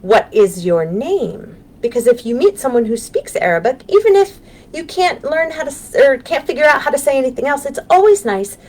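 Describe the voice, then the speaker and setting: An American woman leads a live storytime for young children with a lively, sing-song voice that rises and falls a lot. She is gentle and encouraging and pauses often with ums, speaking over a webcam. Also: high-pitched. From United States. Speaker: children's librarian. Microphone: webcam on a live stream.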